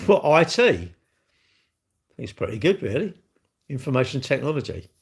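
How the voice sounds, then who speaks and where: Bloke, live-stream host, blunt and rambling, cheeky asides to chat. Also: male voice, mid-range voice, sing-song, measured pace, gravelly, slightly rough.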